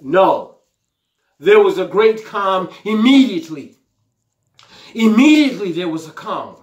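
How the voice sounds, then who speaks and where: A man's voice: high voice, big pitch swings, unhurried, echoey room. A man preaching a sermon with fervent exclamations, repeating his lines and acting out the scripture in a pleading voice. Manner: paraphrases the scripture aloud in a pleading voice.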